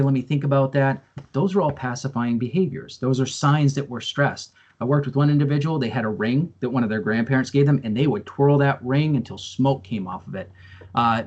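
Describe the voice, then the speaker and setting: A man presents a training session over a video call, earnest and explanatory, stopping to repeat words and fill gaps with "um." His voice sits at an everyday middle pitch. The audio is slightly dull and lo-fi. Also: darkish tone. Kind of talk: online training talk. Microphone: video call microphone.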